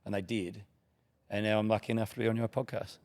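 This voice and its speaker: A middle-aged Australian man with a low, gravelly voice, spinning long, rambling anecdotes. He talks casually and acts out bits of the conversations he describes. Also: level tone, fast talker, a little mellow. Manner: rambling anecdotes with quoted dialogue. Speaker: guest, TV broadcaster. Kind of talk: casual storytelling.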